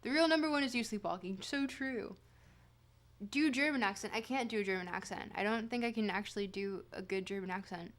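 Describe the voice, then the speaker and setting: A woman's voice: mid-range voice, fairly quick, fairly bright tone. A woman streamer reading philosophy aloud on a livestream in a put-on reading accent. She stumbles and corrects herself, then breaks off for playful, self-mocking asides to her chat.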